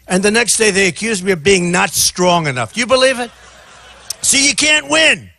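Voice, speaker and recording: Bright, high-voiced man in his sixties. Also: expressive, normal speed, no room sound. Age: 60s. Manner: rambling and repetitive, often shouting to a crowd. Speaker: presidential candidate. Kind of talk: off-the-cuff campaign rally speech. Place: outdoor airport rally.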